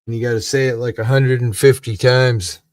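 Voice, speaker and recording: A man's voice: mid-range voice, steady tone, moderate pace, darkish tone, no room sound. An older man, hosting a live stream and telling rambling, profane, aggrieved stories in casual chat. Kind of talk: casual storytelling. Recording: dry, from a distance.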